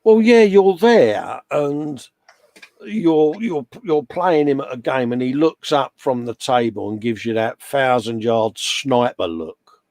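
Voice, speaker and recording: A man's voice: medium pitch, slow, darkish tone, no room sound. A middle-aged English man co-hosting a casual live chat, jokey and full of friendly slang, calling everyone mate. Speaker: co-host.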